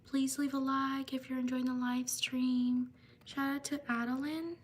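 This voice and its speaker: Woman on a livestream doing shout-outs, high voice, a bit far from the mic w/ faint hiss. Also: little pitch movement. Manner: slow, halting over names, apologetic. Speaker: live streamer. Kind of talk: reading out viewer shout-outs on a live stream.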